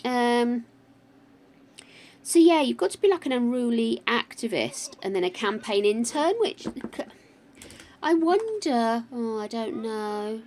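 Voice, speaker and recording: A woman's voice: a little high, big pitch swings, slow, darkish tone, a little hiss or hum. An older woman with a slightly wobbly voice, chatting with her viewers and thinking aloud while she plays a game on a live stream. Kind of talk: casual live-stream chat while playing.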